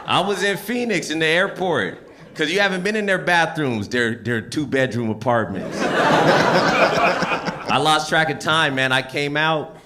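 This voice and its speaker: A man doing stand-up, his voice a bit high and animated as he acts out the characters in his story. The recording is swamped with loud noise and clicks, and laughter answers him. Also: measured pace. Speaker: stand-up comedian. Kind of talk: stand-up comedy set. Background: audience laughter.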